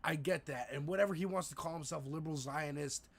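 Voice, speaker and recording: A man's voice: on the high side, fast talker. A man co-hosting a casual political livestream, talking in a profane, rambling way with frequent restarts. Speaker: livestream co-host. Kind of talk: casual political talk stream.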